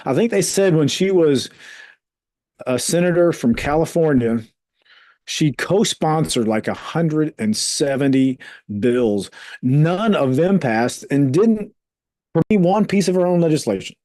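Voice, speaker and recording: A man co-hosting a podcast, talking politics in a heated, incredulous way with drawn-out emphasis. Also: on the high side, lively intonation, warm tone, dry recording. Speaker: podcast co-host. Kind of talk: casual political chat.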